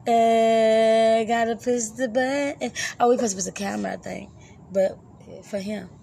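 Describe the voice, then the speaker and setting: A woman's voice: a little high, steady tone, normal speed, creaky, warm tone, a little hiss or hum. Chatty, laughing woman podcast host. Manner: loose, chatty, laughs easily. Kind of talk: casual live show chat.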